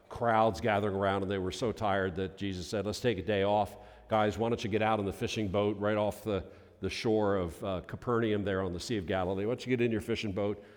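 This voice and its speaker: A male pastor telling a story in a sermon, in a folksy manner that builds to loud, emphatic peaks. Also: on the low side. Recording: long reverb of a large hall.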